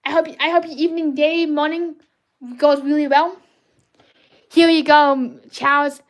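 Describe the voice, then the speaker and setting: Woman, high bright-ish voice, excitable livestream art host, rambling, greets chat constantly. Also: unhurried. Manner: bubbly, rambling, cheers and greets viewers; self-corrects and restarts often. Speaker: livestream host drawing fan art requests.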